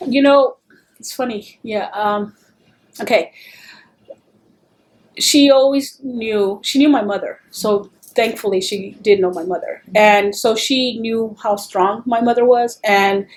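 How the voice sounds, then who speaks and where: A middle-aged woman telling stories in an oral history interview, animated and acting out the voices she quotes. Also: fairly high pitch, takes it slowly.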